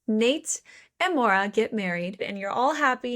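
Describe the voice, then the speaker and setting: A woman's voice: on the high side, lively intonation, moderate pace, a bit bright. A woman co-hosting a podcast, recapping a book in casual chat with playful swearing and mock quotes. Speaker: podcast co-host.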